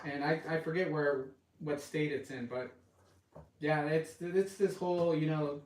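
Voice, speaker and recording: A man's voice: on the high side, fairly even intonation, a little slow, a little mellow, echoey room, poor audio. A man from the western United States hosting a live cooking stream, chatting casually and rambling off topic as he talks to his viewers. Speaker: cooking channel host.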